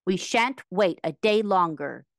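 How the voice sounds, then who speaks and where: Lady doing a sad wailing scarecrow guy from a storybook, drawn-out words. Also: medium pitch, expressive, no echo, clean studio sound. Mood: grieved. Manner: wailing, grieved. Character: plaintive male scarecrow, stuffed with straw.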